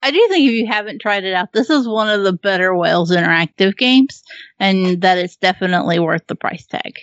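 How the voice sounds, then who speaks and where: A woman's voice: medium pitch, animated, fairly quick, a bit bright, no room sound, highs cut off. A woman co-hosting a podcast in casual chat, tired and laughing between trailing sentences. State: tired, in a health flare. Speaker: podcast co-host.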